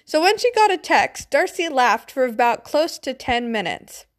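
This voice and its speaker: A woman's voice: sits high, very animated, normal speed. A young woman casually reading a story aloud, breaking off into giggly, swearing asides. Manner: giggly, swears, chatty tangents. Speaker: fanfiction reader.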